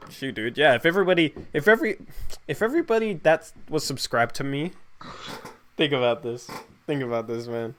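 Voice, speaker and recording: A man's voice: medium pitch, lively intonation, brisk, fairly bright tone, slight background noise. A young man hosting a casual livestream, joking in slangy, laid-back talk and thanking viewers for donations. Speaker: host.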